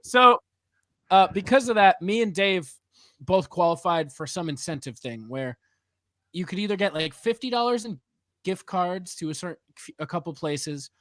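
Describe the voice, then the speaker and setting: A man's voice: high-pitched, moderate pace, no echo. A man hosting a podcast in casual chat, telling a story with energy and acting out the people in it. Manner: animated storyteller, laughs often, acts out other people. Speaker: podcast host.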